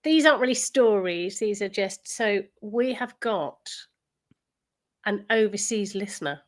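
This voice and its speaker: A podcast co-host with a southern English accent chats and giggles through a casual conversation. She speaks at a measured pace with a medium pitch and lively intonation.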